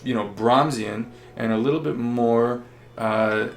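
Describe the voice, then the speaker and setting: Male violin teacher, patient explainer, gravelly tone, roomy echo. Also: mid-range voice, unhurried, faint music behind. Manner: patient, explanatory, with frequent fillers. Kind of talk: instructional explanation.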